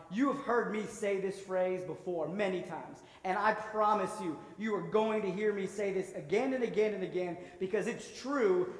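A man preaching in a sanctuary, his voice pitched high and his delivery earnest and emphatic. He builds his points through repetition. The sound is roomy and echoey, with a long hall tail behind each phrase. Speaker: pastor. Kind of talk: sermon. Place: church sanctuary.

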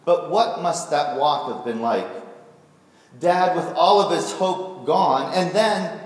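Man preaching in a booming echoey hall. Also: slow pace, distant mic. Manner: vivid storytelling retelling with rhetorical questions. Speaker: pastor. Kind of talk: sermon.

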